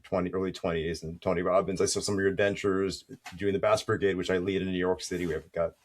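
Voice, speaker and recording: A man hosting an interview, affirming often and asking questions with halting restarts. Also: sits low, little pitch movement. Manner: affirming, with frequent short yeses and halting restarts. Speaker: interview host. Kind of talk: interview conversation.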